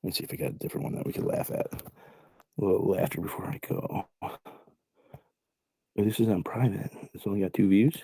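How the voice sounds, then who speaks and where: A low-voiced man with a gravelly, husky edge hosts a stream and reacts to clips. He talks in a laid-back, casual way, with chuckling asides, and the sound is dry and close. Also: brisk, long pauses, mellow, no echo. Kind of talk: casual commentary.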